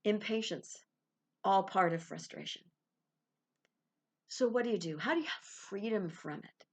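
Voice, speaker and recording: A woman's voice: mid-range voice, normal speed, a little mellow. A woman hosting a spiritual self-help podcast, talking casually and with animation, laughing and acting out small quoted exchanges. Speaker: podcast host.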